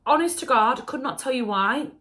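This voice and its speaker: A young woman talks straight to her camera in a casual story-time vlog. Her voice is bright and clear, and her delivery is chatty, candid and openly emotional. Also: high-pitched, animated, normal speed. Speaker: beauty vlogger.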